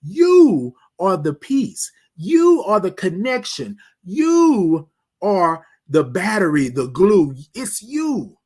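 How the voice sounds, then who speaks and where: Husky-voiced man preaching self-love. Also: sits high, very animated, takes it slowly, a little mellow. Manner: preacherly, repeats phrases, drops to near whisper on refrains; addresses listeners as "y'all". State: emotional. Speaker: host. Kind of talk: motivational morning talk.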